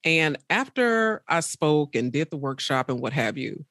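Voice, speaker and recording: A woman's voice: a little slow, dry recording, studio quality. A woman in her thirties, a podcaster and speaker, telling personal stories in a casual interview, acting out quotes and calling the listener baby. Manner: animated storyteller acting out quotes with big pitch jumps; faith-filled, calls listener baby.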